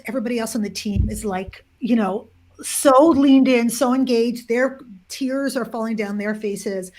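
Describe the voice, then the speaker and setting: Animated woman author telling a story. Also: fairly high pitch. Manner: animated, with many restarts and fillers. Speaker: author, interview guest. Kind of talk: storytelling in an interview.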